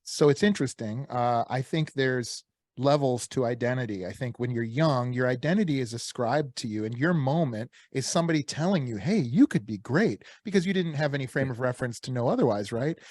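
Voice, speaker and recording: A man of middle pitch hosting a podcast, thinking aloud in a reflective way before he puts a question to his guest. He often pauses on "um" and "uh". The recording is dry and close. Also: darkish tone, no echo. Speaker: podcast host. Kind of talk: interview questions.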